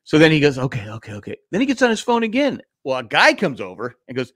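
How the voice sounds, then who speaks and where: A man in his sixties, a podcast co-host telling a long story in casual chat, animated and acting out the voices of the people in it. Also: a little high, quick pace, dry recording, clean studio sound. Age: 60s.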